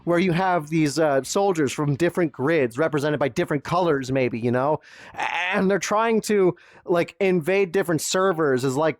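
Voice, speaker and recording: A man's voice: high-pitched, dry recording. A man giving an angry, profane film review rant, exasperated and sarcastic.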